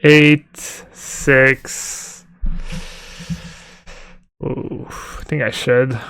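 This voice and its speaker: A man's voice: mid-range voice, steady tone, extremely slow, vocal fry, fairly bright tone, clear, resonant tone, no echo. A man streaming a card game live, chatting casually, thinking aloud and answering chat with fillers. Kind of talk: live-stream commentary while playing.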